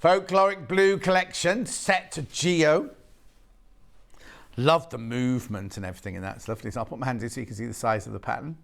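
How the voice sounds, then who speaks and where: A man's voice: mid-range voice, brisk, gravelly, a bit bright. A man presenting on a live shopping channel, chatting, gushing over fabrics and joking with the crew behind the camera. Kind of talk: live TV sales chat. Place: TV studio.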